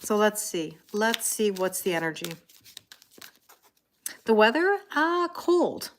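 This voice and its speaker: With big pitch swings in a mid-range voice and a slow pace, a middle-aged Canadian woman reads tarot on a live stream, and a little hiss or hum is audible. She's chatty, greeting viewers by name and reading comments aloud.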